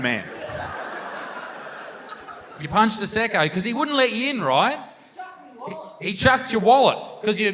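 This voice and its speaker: Brash Australian bloke doing crowd work. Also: male voice, high-pitched, bright, forceful tone. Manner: brash, crude banter with the crowd. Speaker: stand-up comedian. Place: large theatre stage. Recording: live hall reverb with audience noise.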